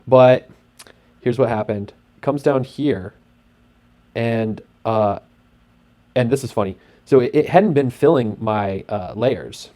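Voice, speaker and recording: Rambling, excitable man with a mellow voice. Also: mid-range voice, takes it slowly, long pauses. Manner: rambling and excitable, heavy on fillers; acts out sound effects and his own thoughts. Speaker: host. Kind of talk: casual walkthrough narration over a screen.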